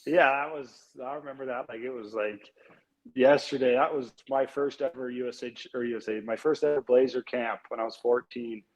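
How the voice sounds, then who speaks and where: A man's voice: medium pitch, steady tone, normal speed, highs cut off. A young man, a hockey player, recounting his story earnestly as an interview guest, with frequent fillers and repeated words. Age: young adult. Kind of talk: casual interview conversation.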